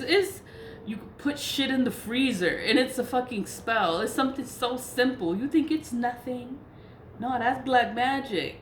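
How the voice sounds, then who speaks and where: A woman spiritual practitioner in a casual vlog rant, blunt and profane, laughing between points. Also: on the high side. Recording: echoey room with faint noise.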